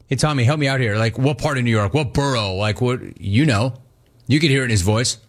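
Brief: male talk-radio host, mid-pitched, energetic, slangy, riffing between calls. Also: fairly quick.

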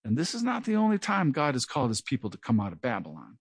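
A fast-talking middle-aged pastor with a medium-pitched, creaky, slightly rough voice gives an earnest, lively verse-by-verse Bible teaching. He describes himself as a stutterer who sometimes repeats words. No room sound is present.

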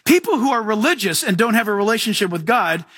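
High bright-voiced male pastor preaching. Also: sing-song, fast talker, husky, dry recording, studio quality. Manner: emphatic, swings from loud to soft. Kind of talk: sermon.

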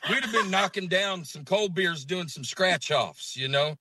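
A man's voice: high voice, unhurried. A man in his thirties from Alabama with a Southern accent, chatting as a comedian guest and acting out quotes. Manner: animated, acts out quotes. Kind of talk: casual interview chat.

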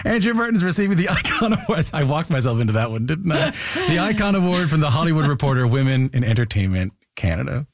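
A man's voice: on the high side, big pitch swings, fast, few pauses, no echo, clean studio sound. A man hosting a radio interview, talking in a playful way with lots of stammering restarts. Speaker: radio host. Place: radio studio.

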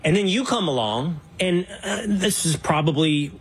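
A male host from Texas asks his guest long, meandering questions, often stopping and restarting. His voice sits slightly high and has a breathy, husky edge. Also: lively intonation, moderate pace. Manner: rambling questions with many restarts. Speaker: interview host. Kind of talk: casual conversation.

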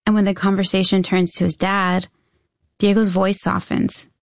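A woman reporter giving a scripted, measured news narration. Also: mid-range voice, no room sound. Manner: measured, even storytelling delivery.

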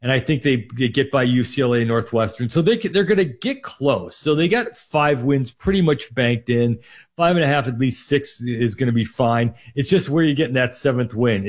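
A man's voice: mid-range voice, expressive, moderate pace. A man from Minnesota, co-hosting a sports radio show, breaking down college football win totals in a rambling way, full of fillers. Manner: rambling, heavy on fillers like "you know" and "like". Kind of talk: sports betting talk on air.

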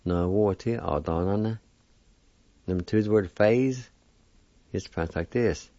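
A man teaching a language lesson, deliberately spelling out and sounding each syllable one by one. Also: on the low side, dark tone, dry recording. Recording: dull lo-fi recording.

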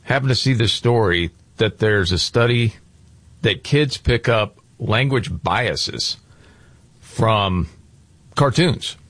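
A man with a low, husky voice leads a casual talk-show chat, steering topics and leaning into his points with emphasis. The sound is close and dry, with no room around it. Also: slow pace, a bit bright, no room sound. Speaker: host.

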